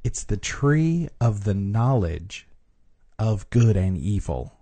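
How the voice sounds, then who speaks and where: A man's voice: fairly low pitch, very animated, slow, warm tone. A man in a casual podcast chat, earnestly explaining scripture with frequent restarts.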